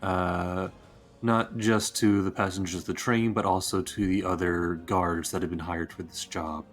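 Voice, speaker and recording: A man describing his character in a tabletop game, in a slow, halting way with many fillers. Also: low-pitched, flat delivery, soft background music. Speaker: player.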